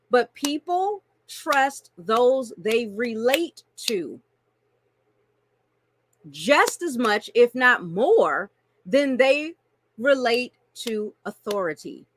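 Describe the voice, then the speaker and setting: A woman coaching on marketing in an animated, playful way, laughing often and addressing listeners as y'all. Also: a little high. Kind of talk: teaching a marketing lesson with acted-out examples.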